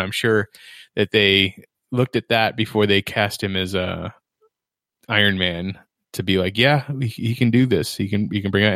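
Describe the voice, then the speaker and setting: A man's voice: medium pitch, a bit bright, no room sound, clean studio sound. A man co-hosting a podcast, rambling through a casual movie chat and laughing often. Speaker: podcast co-host.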